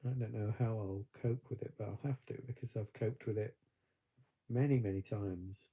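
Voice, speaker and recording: A man talks in a rambling, reflective way on a live stream, now and then tearful. His voice is gravelly and husky and sits deep and dark. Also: fairly even intonation, fairly quick. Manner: reflective, rambling, with frequent fillers. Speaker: vlogger. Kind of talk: casual live-stream chat.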